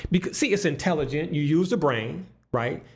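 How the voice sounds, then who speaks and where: A man telling stories as a guest in a casual podcast conversation, animated and profane, with many restarts. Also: on the high side, normal speed, vocal fry, breathy edge.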